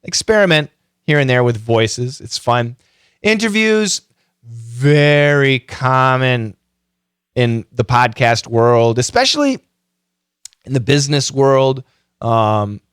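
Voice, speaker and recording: A man's voice: mid-range voice, expressive, measured pace, smooth, no echo, studio quality. A middle-aged man hosting a podcast, giving a casual, chatty tutorial full of self-mocking jokes and frequent fillers. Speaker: podcast host.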